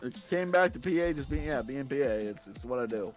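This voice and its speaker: This podcast guest is expressive and brisk, spinning playful tales in a casual conversation. Whenever he quotes someone, he shifts into a squeaky voice, and faint music runs beneath him.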